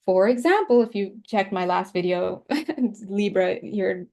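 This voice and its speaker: A woman's voice: mid-range voice, unhurried, creaky, darkish tone. A woman giving a casual spiritual tarot reading, chatty, laughing often and stretching out words for emphasis. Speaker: tarot reader.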